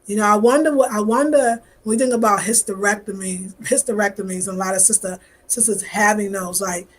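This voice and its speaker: A woman's voice: mid-range voice, slightly rough. A woman in her fifties from New York with a New York accent, chatting casually and animatedly with viewers on a live stream. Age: 50s. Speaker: vlogger.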